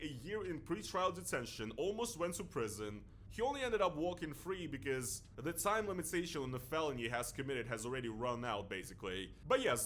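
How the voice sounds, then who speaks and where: Animated man with lively pitch. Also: a little hiss or hum. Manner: animated, sarcastic, mock-pleading asides. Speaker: co-host commentator. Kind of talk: casual commentary.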